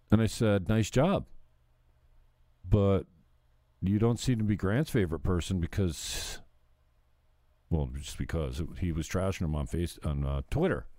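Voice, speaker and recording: A man's voice: lowish voice, dark tone, dry recording, studio quality. Blunt, swearing man ranting. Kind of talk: profane ranting chat.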